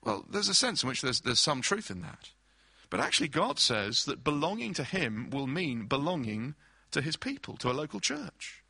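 A man's voice: on the high side, sing-song, moderate pace, creaky, pushed and bright, slightly rough, no room sound. A man preaching a sermon, explaining scripture through everyday illustrations and acted-out quotes.

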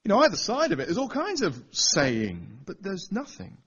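A man's voice: sits high, wildly swooping pitch, normal speed, a bit bright, husky, dull audio. A man preaching a Bible teaching sermon, pressing his listeners with rhetorical questions. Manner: asks the audience rhetorical questions.

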